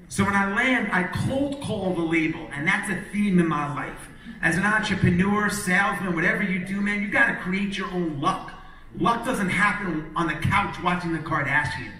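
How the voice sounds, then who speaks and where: Animated man telling stories on stage. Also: high voice. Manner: animated, acts out other people's lines. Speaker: motivational speaker. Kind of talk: storytelling keynote speech. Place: large hall with a live audience. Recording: echoey hall, distant mic, faint noise.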